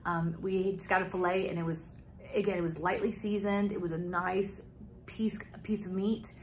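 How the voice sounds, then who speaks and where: A woman's voice: on the low side, level tone, moderate pace, slight background noise. A woman co-hosting a casual travel vlog, enthusiastic as she praises the food and gives recommendations. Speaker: vlog co-host.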